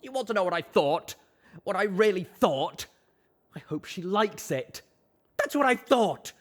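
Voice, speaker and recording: Brief: male reader as a tearful young stallion, voice shaking and breaking, pitched high above his own, fan audiobook. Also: big pitch swings, moderate pace, sharp tone, exaggerated voice. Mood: hysterical. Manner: trembling, cracking, sobbing. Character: young male pony, traumized, tearful, defensive. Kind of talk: audiobook character reading.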